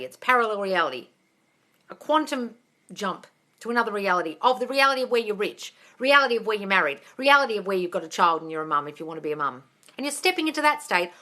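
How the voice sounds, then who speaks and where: A woman's voice: mid-range voice, bright, forceful tone. A woman hosting a casual live-stream Q&A on manifesting, talking bluntly and animatedly and swearing freely.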